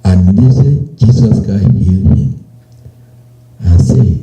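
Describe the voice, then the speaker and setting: A man preaching a sermon, slow and emphatic, repeating phrases and quoting scripture. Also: lowish voice, warm tone, echoey room, muffled recording, faint music behind. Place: church.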